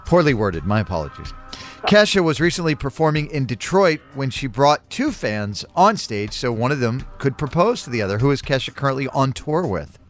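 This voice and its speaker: A male radio host runs a trivia game from the studio, reading each question with upbeat punch. His voice sits at an ordinary middle pitch, and faint music plays underneath. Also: big pitch swings, fairly quick. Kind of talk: radio quiz hosting.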